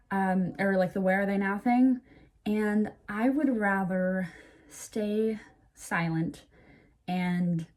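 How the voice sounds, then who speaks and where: A young woman talking casually to camera in a storytime vlog, full of fillers and "like", getting animated when she quotes people. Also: medium pitch. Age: young adult. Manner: chatty, lots of fillers and "like"; animated when quoting others. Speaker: vlogger.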